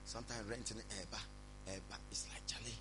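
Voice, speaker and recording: A man preaching a sermon, speaking calmly and reassuringly to his congregation. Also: lowish voice, fairly quick, noisy background. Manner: preaching, shifts from loud prayer to calm counsel. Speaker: pastor.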